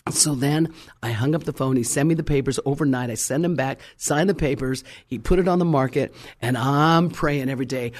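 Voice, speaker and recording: A woman preacher telling a testimony in a dramatic, animated way, acting out dialogue and breaking into fervent prayer. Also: deep voice, brisk, husky. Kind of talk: testimony sermon storytelling.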